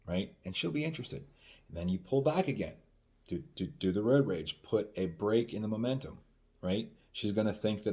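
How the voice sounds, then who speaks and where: A man's voice: low voice, a little fast, darkish tone. A man working as a dating coach, talking casually into the camera and acting out quoted dialogue, often asking "right?". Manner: repeats "right?" often, acts out quoted lines. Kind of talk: casual advice monologue.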